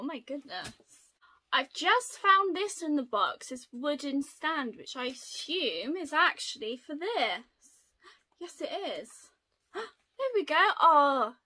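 Gushing, excitable young woman vlogger. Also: fairly high pitch. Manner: gushing, excitable, gasping with delight. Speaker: unboxing vlogger. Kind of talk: casual unboxing chat.

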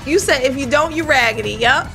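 Bubbly, bright-voiced woman streamer. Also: sits high, a little fast, creaky, faint music behind. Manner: chatty, excitable, talks to chat. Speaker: game streamer. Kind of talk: casual live-stream chat.

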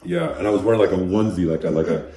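A man with a low voice tells his story in loose, rambling bursts, swearing freely and padding every thought with "like." It sounds like a relaxed interview recorded in an echoey room. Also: racing. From Los Angeles. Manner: profane, rambling, lots of "like". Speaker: graffiti artist guest.

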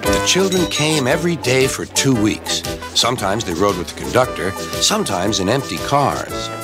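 A man narrating a children's storybook in a measured, expressive manner. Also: on the low side, over loud music.

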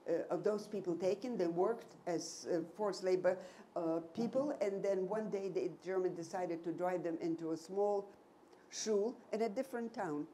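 A woman in her nineties giving a personal testimony to an audience, telling her story slowly and emphatically with many repetitions. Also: fairly low pitch, warm tone, slight background noise. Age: 90s. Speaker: Holocaust survivor giving a talk.

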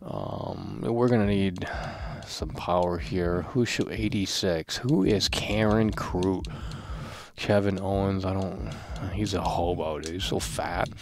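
Man yelling and muttering at a game. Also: sits low, takes it slowly. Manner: profane, swings between yelling at the game and muttering. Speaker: streamer playing a wrestling video game. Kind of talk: casual live-stream commentary.

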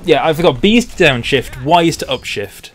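Young guy doing let's play commentary, super animated voice, cursing at the game then laughing it off. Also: on the high side, a little fast. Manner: excitable, swears at the game, laughs it off. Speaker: gaming YouTuber.

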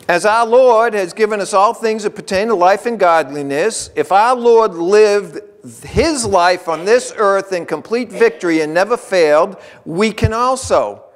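A male pastor preaching a sermon in a church, talking conversationally and driving points home by repeating them. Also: high-pitched. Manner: conversational preaching with emphatic repetition. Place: church sanctuary.

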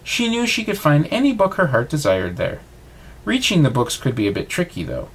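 A man reading a bedtime storybook aloud, with expressive reading. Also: fairly high pitch, normal speed, slightly rough.

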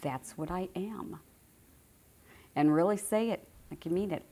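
A woman's voice: fairly low pitch, measured pace, pauses often, dark tone. A middle-aged woman giving an informal spiritual teaching to a group, conversational and repeating phrases for emphasis.

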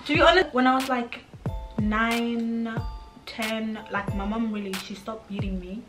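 High-voiced young woman chatting. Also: steady tone, a little slow. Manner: reacts with short backchannels, laughs often. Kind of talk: casual chat. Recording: roomy, very loud background music.

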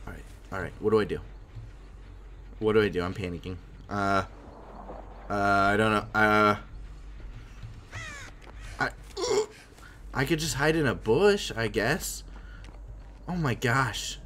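A man's voice: medium pitch, animated, unhurried, pauses often, a bit bright, a little hiss or hum. Jumpy young man's let's-play commentary. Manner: jumpy, panicky reactions with sudden yelps. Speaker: gaming channel host.

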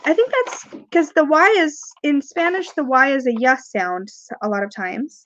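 A woman's voice: high voice, animated, moderate pace, fairly bright tone, highs cut off. A woman with a cough chatting on a live stream, rambling, laughing and reading viewer comments aloud while she unboxes. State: has a cough, sucking cough drops. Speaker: tarot video creator doing a live unboxing. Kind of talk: casual live-stream chat.

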